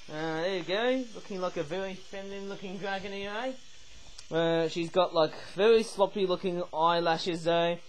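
An excitable man with a high voice chats his way through a toy review. His talk rambles and circles back on itself, full of "obviously" and a questioning "eh?", and his pitch keeps jumping up when something catches his eye. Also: slight background noise, rough recording. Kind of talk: casual toy review vlog.

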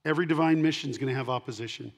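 A middle-aged male pastor preaching a sermon, swinging between loud emphatic punches and quiet asides, and repeating key lines for emphasis. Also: medium pitch, rapid-fire.

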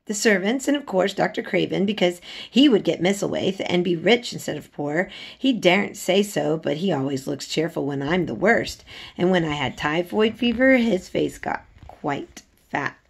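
A woman's voice: lowish voice, expressive, normal speed, creaky, slightly rough, full character voice. A woman reading aloud, voicing a sickly, spoiled boy who sounds cross and resentful. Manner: cross, complaining.

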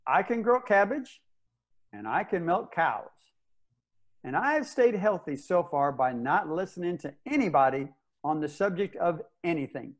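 A man's voice: on the high side, expressive, moderate pace. An actor playing a stubborn old space ranger who narrates his own story in an audio drama, blunt and plainspoken. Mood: defiant. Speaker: narrator and lead character.

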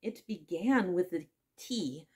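A woman's voice: on the low side, lively intonation, slow pace, husky, exaggerated voice. A woman doing a trembling, anxious hatter. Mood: nervous. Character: nervous trembling man, a hatter.

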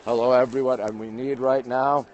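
Through lo-fi sound, a Canadian man with a mid-range, darkish voice speaks steadily at normal speed. He streams live by phone from monument steps in a busy city, greeting his viewers and reading their comments aloud in chatty bits.

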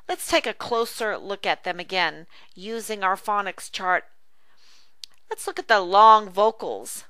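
A woman teaching an online phonics lesson, enunciating each word slowly and carefully. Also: mid-range voice, sharp tone, clean tone, no room sound. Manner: slow, careful, drawn-out enunciation. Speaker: reading teacher.

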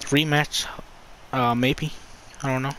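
A man commenting on his own gameplay, swearing a lot and swinging between loud outbursts and low muttering. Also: steady tone, slow, a little hiss or hum. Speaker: gamer.

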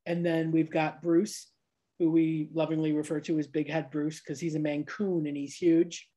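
Speaking in a warm, low voice with a level tone at a normal speed, a podcast host from Niagara Falls, New York, runs a casual, filler-heavy interview and laughs often. She lives abroad and records at home alongside her cats.

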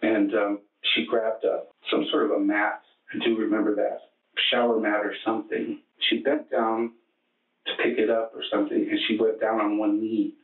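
A man with a low, monotone voice gives halting, matter-of-fact testimony in a police interrogation. He is heard from across the room on an echoey, tinny archive tape. His words come with frequent restarts. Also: far from the mic. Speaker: murder suspect under questioning.

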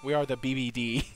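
A man's voice: mid-range voice, fairly bright tone, no echo. A young man hosting a let's play, giving casual gameplay commentary and breaking into giddy laughter and swearing.

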